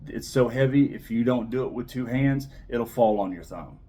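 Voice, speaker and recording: A man's voice: medium pitch, moderate pace. Enthusiastic man reviewing pocket knives. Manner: enthusiastic, repeats himself, trails off softly. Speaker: knife reviewer. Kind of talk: casual product review.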